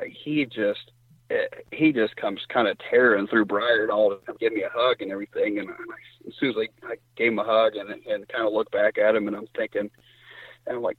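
A middle-aged man from Indiana tells a hunting story in animated, rambling talk, his voice leaping high whenever he quotes someone. His tone is a little husky. He comes through dry and tinny, as if on a phone line. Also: moderate pace, dry recording. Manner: animated storyteller, voice jumps high when quoting others. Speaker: guest hunter. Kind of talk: casual storytelling.

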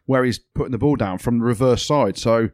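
A man's voice: mid-range voice, brisk, dry recording. A man co-hosting a rugby podcast in a studio, chatting casually, laughing often and telling stories with energy. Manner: laughs often, animated storytelling. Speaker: podcast co-host, rugby commentator. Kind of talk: casual chat.

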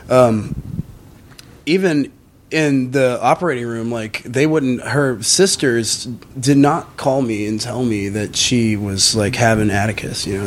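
A man, a musician guest on a podcast, telling a story in casual chat, swearing freely and using lots of fillers. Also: a little hiss or hum. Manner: animated, swears often, many fillers; acts out quoted voices in a higher pitch.

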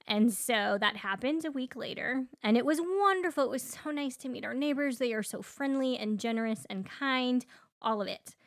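Expressive woman podcast co-host, dry sound. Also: a little high, normal speed, no echo. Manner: animated storytelling, warm and expressive. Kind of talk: casual podcast chat. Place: moved from Nashville to Canada.

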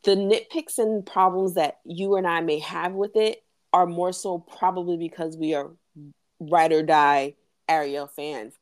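A woman co-hosting a podcast in casual chat, an animated storyteller who laughs often. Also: on the low side, measured pace, no room sound, studio quality. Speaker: podcast co-host.

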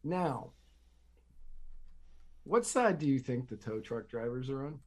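A man's voice: medium pitch, sing-song, slow pace, slight background noise. A man hosting a political commentary chat, sarcastic and emphatic, often repeating his phrases. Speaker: host.

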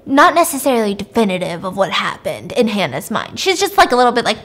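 A woman podcast host recapping a film plot in a casual, animated way, acting out the characters as she goes. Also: medium pitch, quick pace.

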